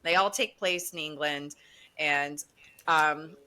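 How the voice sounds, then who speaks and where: A woman's voice: low voice, takes it slowly, sharp tone. An American woman co-hosting a podcast, chatting enthusiastically and a bit rambling. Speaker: podcast co-host. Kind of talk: casual chat.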